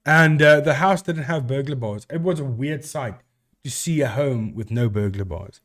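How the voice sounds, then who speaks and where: A man's voice: medium pitch, moderate pace, fairly bright tone. A man from South Africa with a South African accent, a live stream host chatting casually and answering viewers with rambling restarts.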